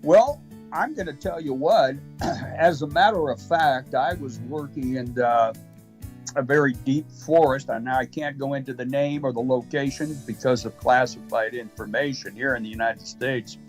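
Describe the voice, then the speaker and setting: A man as the guest of a call-in show, telling a deadpan comic tall tale slowly, rambling and full of fillers. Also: mid-range voice, faint music behind, poor audio. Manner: slow, rambling, with many fillers.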